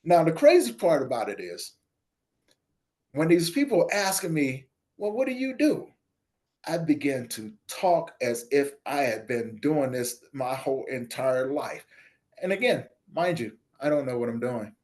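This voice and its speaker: A man guesting on an interview show, telling a personal story in casual chat and acting out the other people's lines. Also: a little slow. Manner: animated storyteller, acts out dialogue with voice shifts; drops soft and low when quoting others. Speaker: podcast guest, nonprofit founder.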